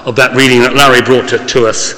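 A man's voice: medium pitch, level tone, fast talker, pushed and bright, long reverb tail. A man preaching a sermon in a conversational way, with small asides and fillers. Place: church.

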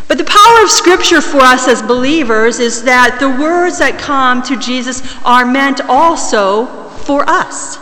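A woman preaching a sermon in a large church, measured and slowing down to stress key words. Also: high-pitched, lively intonation, pushed and bright. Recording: long reverb of a large church.

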